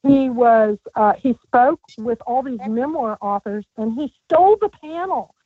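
A woman's voice: fairly high pitch, measured pace, husky, no room sound. A woman guest author calling in, telling rambling stories with lots of restarts. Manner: chatty, rambling, stammering restarts. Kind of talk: casual storytelling interview. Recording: thin phone-line sound.

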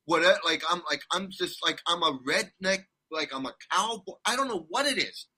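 Man, 60s, from California, interview guest, rambling storyteller, very bright tone. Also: sits high, normal speed, breathy edge. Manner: rambling, animated storytelling with restarts. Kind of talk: casual interview chat.

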